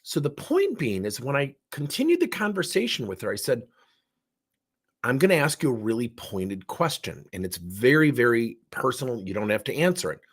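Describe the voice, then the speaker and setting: A man's voice: mid-range voice, moderate pace, breathy edge. A middle-aged man who trains coaches, telling a story in a session and acting out the dialogue with theatrics. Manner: animated, acts out dialogue with theatrics.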